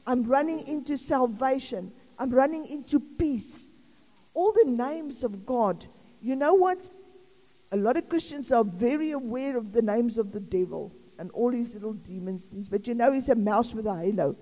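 A woman's voice: fairly high pitch, expressive, moderate pace, mellow. A South African woman in her sixties preaching an informal sermon in a chatty, rambling way with laughing asides. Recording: long reverb of a hall.

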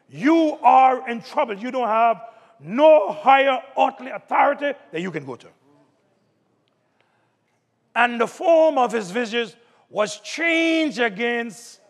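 A man preaching a sermon, calling out to the congregation and building up to shouts. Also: very high-pitched, gravelly. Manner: call-and-response preaching, rising to shouts. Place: church sanctuary. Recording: long hall reverb.

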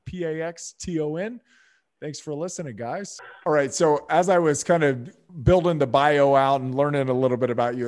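A man's voice: a little high, darkish tone. A man hosting a podcast, reading a guest introduction and then chatting in an upbeat, friendly, conversational way. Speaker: podcast host. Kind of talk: podcast intro and casual interview.

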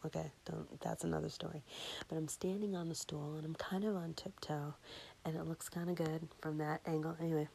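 A woman with a fairly low, breathy voice tells a rambling story from her day. She chats loosely and dips into a hushed whisper whenever she voices what went through her head. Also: fairly even intonation, brisk. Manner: chatty, often drops into a whisper for inner thoughts. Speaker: podcast host. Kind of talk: casual storytelling.

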